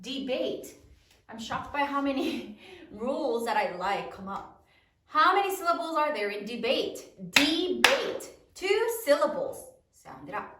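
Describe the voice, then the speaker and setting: A woman's voice: sits high, expressive, a little slow, fairly bright tone, slight background noise. A woman teacher leading a spelling lesson, sounding out words letter by letter in a sing-song cadence. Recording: roomy echo, voice a bit far from mic.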